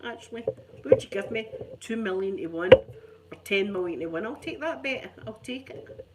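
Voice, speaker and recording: A woman's voice: medium pitch, lively intonation, moderate pace, heavy background noise. A middle-aged woman with a Scottish accent, rambling in casual chat as an ASMR channel host, chatty and self-mocking. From Scotland.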